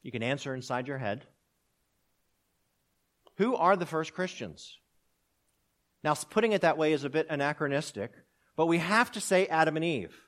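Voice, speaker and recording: A man's voice: on the high side, expressive, normal speed, long pauses, a bit bright. A man preaching a sermon, building drama as he quotes and answers rhetorical questions. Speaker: pastor.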